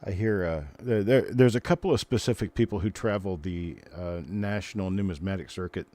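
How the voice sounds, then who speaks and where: Older male stream host with a deep voice, chatty and rambling, talking casually to viewers. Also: a little fast, dark tone. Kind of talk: casual live stream chat.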